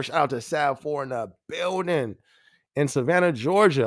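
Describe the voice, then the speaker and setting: Slangy and relaxed, a man hosts a live-stream podcast in a slightly high voice at a moderate pace. He laughs a lot and tends to repeat his phrases, and the recording is dry.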